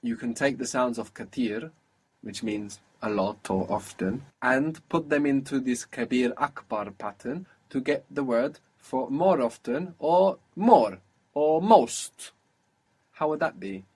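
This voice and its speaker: A man's voice: mid-range voice, unhurried, darkish tone, slightly rough. A man teaching a language lesson, patiently modelling and repeating each phrase for his student.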